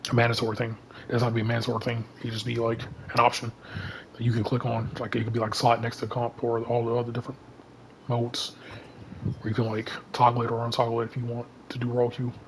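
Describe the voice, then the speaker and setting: Flat-voiced man rambling about a game. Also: medium pitch, fast, noisy background. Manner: rambling, heavy use of "you know" and "like". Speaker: gaming YouTuber. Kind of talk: casual vlog commentary.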